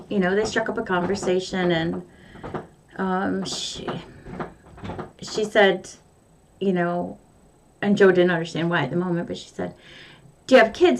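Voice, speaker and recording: An older woman with grown children and a grandson, telling a rambling story to her viewers in casual, chatty vlog talk. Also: fairly low pitch. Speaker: vlogger.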